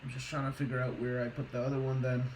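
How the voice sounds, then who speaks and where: A man hosting a livestream chats and thinks aloud as he builds a scale model. His pitch sits in the middle range. The sound is roomy and carries a faint hiss. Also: little pitch movement, racing. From Boston area, United States. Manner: chatty, thinking aloud while working. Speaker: stream host. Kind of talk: casual chat while building a model.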